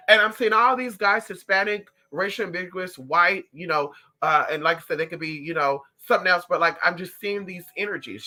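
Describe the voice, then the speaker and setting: Sassy psychic vlogger with a sharp, very bright tone and a mid-range pitch. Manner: sassy, calls viewers honey and girl; animated, swings up and down in pitch. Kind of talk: casual chat to viewers.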